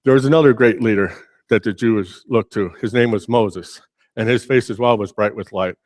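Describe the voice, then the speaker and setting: A man preaching a sermon as pastor, telling Bible stories in a lively, casual way and acting out the characters' lines. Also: on the low side, normal speed, dry recording, clean studio sound. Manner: animated storytelling, acting out biblical figures in casual speech. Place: church.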